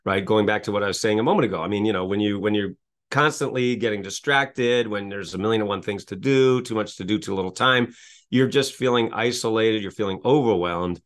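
A man's voice: fairly low pitch, a little fast. A middle-aged man, a business coach, speaking energetically in an interview with a repetitive motivational cadence and frequent rhetorical questions.

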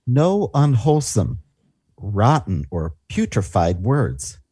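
A man co-hosting a Christian teaching show, reading scripture in a calm, measured way. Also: lowish voice, slightly rough, no echo, clean studio sound. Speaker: Christian radio co-host.

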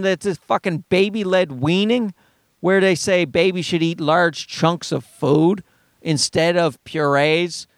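A man's voice: sits high, a little slow, no echo, studio quality. A father ranting heatedly and profanely about other parents' advice, talking from inside his car. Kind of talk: ranting monologue.

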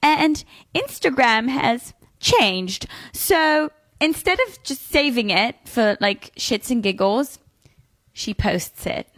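A woman co-hosting a podcast, chatting in a fairly high voice. She tells stories in quick bursts full of restarts and fillers. The sound is dry and close. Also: lively intonation, a bit bright, no room sound. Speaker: podcast co-host. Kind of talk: casual podcast chat.

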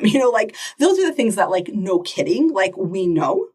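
Woman podcast host, middle-aged, husky tone, set a bit off-mic, lively conversational delivery. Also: medium pitch, recorded from a distance. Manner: animated, acts out quick parent-child exchanges. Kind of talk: casual podcast talk.

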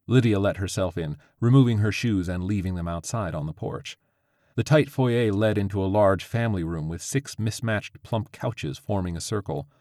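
A man narrating a story with a steady, even reading. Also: low voice, normal speed, no echo, studio quality.

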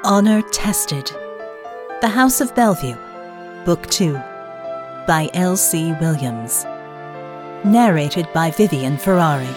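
A woman narrating a fantasy audiobook in a measured, even storytelling manner. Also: deep voice, music in the background. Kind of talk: scripted narration.

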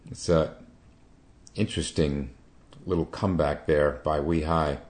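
A man giving a Zen dharma talk as teacher, halting, with many hesitations and restarts. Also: extremely low pitch, steady tone, darkish tone.

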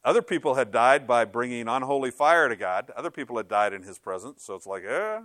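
A man's voice: mid-range voice, brisk, fairly bright tone, no echo, studio quality. A male pastor preaching a sermon in a conversational, emphatic way, with frequent rhetorical questions.

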